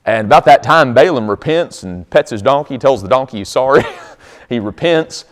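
A man preaching a storytelling sermon in a folksy, animated manner, with chuckles. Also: mid-range voice, moderate pace. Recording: long hall reverb.

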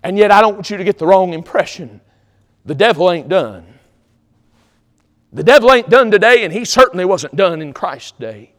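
A man preaching in a church sanctuary, his voice high and lively, leaping up and dropping down as he drives his points home. He swings from loud, emphatic exhortation to near-hushed asides, and a long hall reverb trails every phrase. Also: normal speed, long pauses. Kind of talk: sermon.

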